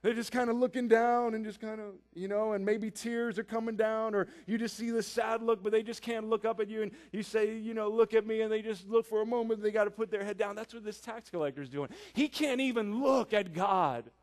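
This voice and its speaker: High-voiced man preaching a sermon. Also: steady tone, a little fast, few pauses, darkish tone. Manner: earnest, emphatic, with repeated phrases.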